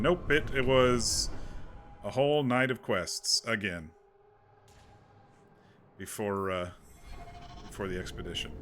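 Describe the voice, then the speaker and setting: Man, game streamer, casual commentary, rambling chatty recap, bright forward tone. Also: medium pitch, slight background noise.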